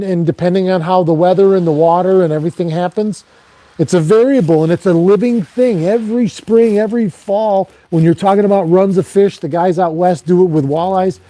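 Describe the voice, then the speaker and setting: A middle-aged man hosts a relaxed live chat and answers viewers as he goes. His voice sits a little high, with a mellow, warm tone. The sound is dry and close, and his talk wanders with many "um"s and restarts. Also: dry recording. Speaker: fishing guide and live-stream host. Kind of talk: casual live chat reading viewer comments.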